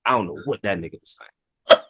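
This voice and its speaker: A man's voice: lowish voice, a little fast, husky, no echo. A young man chatting casually about a movie on a podcast, telling stories and acting out quotes in raised voices. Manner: animated storyteller, acts out quotes in raised voices. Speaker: podcast host. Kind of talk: casual movie review chat.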